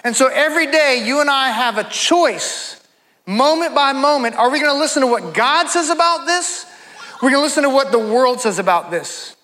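A man's voice: very high-pitched, expressive, normal speed, sharp tone, big-room sound. A man preaching a sermon to his church, emphatic, rising into fervent voices when he quotes others. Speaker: pastor.

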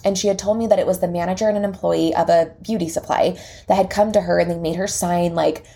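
A young woman hosting a podcast, telling a personal story in a lively way and acting out the dialogue. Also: lowish voice, quick pace, vocal fry. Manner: lively retelling that acts out quoted dialogue. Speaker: podcast host and salon owner. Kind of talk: casual storytelling.

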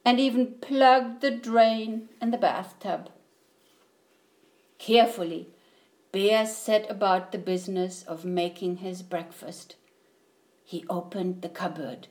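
Woman reading a storybook, unhurried. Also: medium pitch, a little mellow. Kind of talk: storybook read-aloud.

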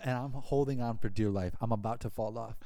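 A man co-hosting a podcast, telling a story in a casual, animated way and putting on squeaky voices for his younger self. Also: brisk, no echo. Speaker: podcast co-host.

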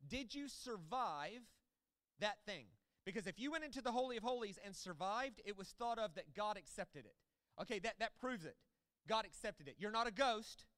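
A man preaching a sermon, teaching with animated delivery that swells into loud proclamations. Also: high-pitched, no room sound. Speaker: pastor.

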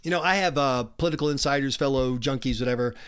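A man hosting a political podcast, talking through an animated commentary monologue with jokey, mock-exasperated asides. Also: medium pitch, quick pace, clear, resonant tone. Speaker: podcast host.

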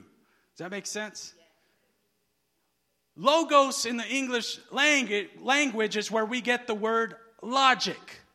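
A preacher with a strikingly high, bright voice delivers his sermon slowly and deliberately. He drops to near-murmurs, then rises to shouted emphasis, and he often leaves a word hanging for the congregation to call out. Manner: swings from hushed asides to shouted emphasis; asks the crowd to finish his sentences.

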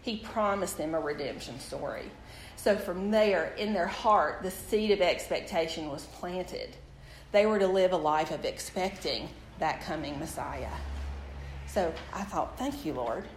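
A woman with a lowish voice preaches and shares a personal testimony at a measured pace. She tells her story animatedly and speaks directly to her audience, in an echoey room with faint background noise.

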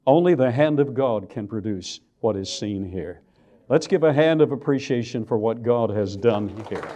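An older Texan man delivers a church lecture as a creationist speaker, telling it folksy and drawing out the words he wants to stress slowly. His mid-range voice is warm with lively intonation, and the recording sounds lo-fi.

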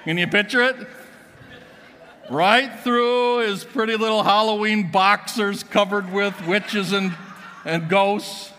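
A pastor tells jokey stories from the pulpit in a high, ringing voice. The bright tone has an edge, and his words echo through a large church sanctuary with a long reverb tail. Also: steady tone, slow, a little hiss or hum. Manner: joking storytelling to the congregation. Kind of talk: sermon.

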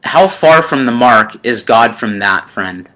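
Slow, bright-voiced gentle male preacher. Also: mid-range voice, animated. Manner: gentle, addresses listeners as friend; unhurried with frequent ums and pauses. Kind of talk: sermon.

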